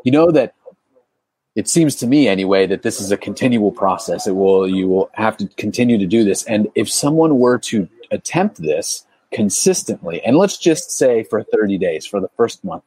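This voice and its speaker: Male interviewer, measured and thoughtful; low, husky voice in a dry room. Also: a little mellow, no echo. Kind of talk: interview questions.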